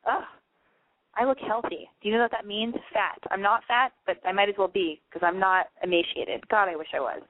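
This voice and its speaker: A young woman hosts a call-in show, her medium-pitched voice moving fairly quickly with few pauses. She chats casually and rambles, swearing a lot and packing her talk with "like." The audio is dry and tinny, like a phone line, with no echo.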